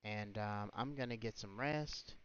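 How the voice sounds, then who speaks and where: A man rants on his livestream, indignant and scolding, piling up rhetorical questions. His voice is smooth and resonant, though the stream audio is muffled and lo-fi. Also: lowish voice, measured pace, a bit bright. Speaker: livestream host. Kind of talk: ranting livestream commentary.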